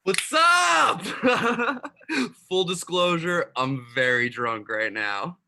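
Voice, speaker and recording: A drunk, rowdy ghost bro, acted by a man, slurring laid-back slang in a fairly high, bright voice. An amateur webcam comedy sketch. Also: lively intonation, extremely slow, full character voice. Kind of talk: amateur comedy sketch over video call.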